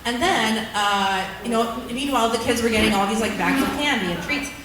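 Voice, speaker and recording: A slightly high-voiced woman in her thirties tells stand-up stories at an open mic, rambling and self-mocking, leaning on fillers. When she acts out her own frustration she bursts into loud outbursts. She sounds distant from the mic, and the room rings with heavy echo. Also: a little fast, background noise. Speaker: stand-up comic. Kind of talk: stand-up storytelling. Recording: echoey room, mic heard from far off.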